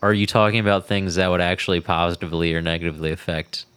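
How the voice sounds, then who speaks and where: A man's voice: sits low, steady tone, very fast, a bit bright, clean tone, no room sound. A young man co-hosting a casual chat, sarcastic and laughing often as he mocks what others say. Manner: sarcastic, laughing, mocking voices.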